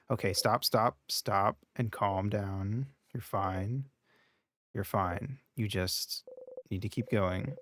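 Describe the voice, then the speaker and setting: Low-voiced man reading game text. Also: a bit bright, a little hiss or hum. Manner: reads game text aloud between short casual remarks. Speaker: streamer. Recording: game music behind.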